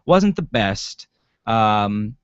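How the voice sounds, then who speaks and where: A man's voice: on the low side, sing-song, drawn-out words, clear, resonant tone, no room sound. A man co-hosting a casual podcast chat about a TV episode, rambling with lots of ums and swearing. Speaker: podcast co-host. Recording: dry, dull lo-fi sound.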